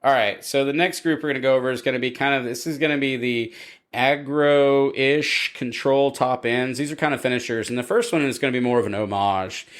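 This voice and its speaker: A man co-hosting a podcast, giving opinionated takes on cards and reading their text aloud. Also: medium pitch. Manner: opinionated, reads card text with pauses. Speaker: podcast co-host. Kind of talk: casual podcast chat.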